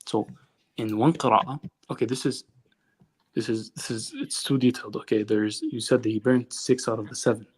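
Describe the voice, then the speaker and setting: Husky man arguing in halting bursts. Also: mid-range voice, steady tone. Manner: halting, repeats words, insists on being heard. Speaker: caller. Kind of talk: call-in debate.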